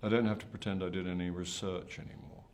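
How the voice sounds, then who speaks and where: Low-voiced older actor, self-deprecating. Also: male voice, fast talker, vocal fry, a little mellow, a little hiss or hum. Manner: hesitant, self-deprecating, many restarts. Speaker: actor being interviewed. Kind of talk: press junket interview.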